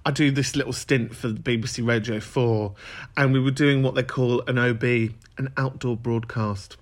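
A man's voice: mid-range voice, steady tone, moderate pace. A man hosting a podcast, chatting and joking in a camp, chatty way, with big laughs. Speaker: podcast host. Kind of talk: casual chat.

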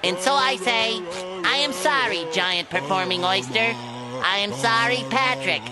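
A squeaky, high cartoon sea sponge makes a grandiose public declaration. Clear music plays under the voice in this cartoon clip. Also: male voice, a little slow. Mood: remorseful. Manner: grandiose, then solemnly apologetic speech.

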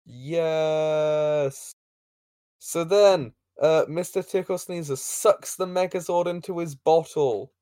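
Guy recapping a show on a podcast, kinda high voice, laughs a lot, swears, dry close mic. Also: measured pace, hardly any pauses, dark tone, dry recording. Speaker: podcast co-host recapping an episode. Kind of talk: casual chat.

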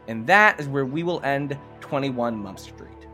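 A man's voice: medium pitch, expressive, a little slow, sharp tone, faint music behind. Casual male game master narrating. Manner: loose, casual narration with put-on character lines.

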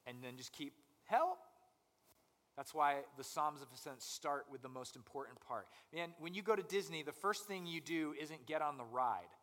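A young man preaching a conversational sermon as pastor, animated and acting out people's inner voices. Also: on the high side, normal speed, hardly any pauses, long reverb tail.

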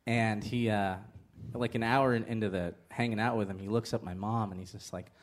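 A man telling comic stories about his family on stage in a live interview, animated and laughing through the punchlines. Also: fairly low pitch, fairly quick. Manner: animated storytelling with bursts of laughter and shouted punchlines. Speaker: comedian guest. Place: comedy festival stage with live audience.

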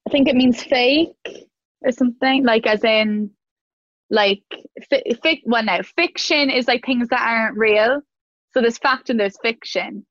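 A young woman co-hosts a casual chat, talking freely with lots of "like" fillers. Her voice sits a little high. The recording is dry and dull, a touch lo-fi. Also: unhurried, no room sound. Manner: chatty, laughs easily, many "like" fillers. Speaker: co-host.

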